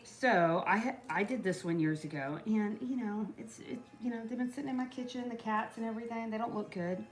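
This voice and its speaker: A woman's voice: a little high, fairly quick. Chatty woman vlogging a craft project. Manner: chatty, rambling, with many asides to viewers and her cat. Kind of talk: casual DIY tutorial chat. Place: home kitchen.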